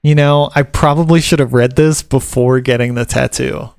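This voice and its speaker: Southern guy vlogging, joking around as he reads stuff out, smooth clear voice, dry close sound. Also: mid-range voice, fairly even intonation, normal speed, darkish tone, no room sound. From Southern United States. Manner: rambling and joking, reads article points aloud and riffs on them. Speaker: vlogger and tattoo apprentice. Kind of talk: casual chat to camera.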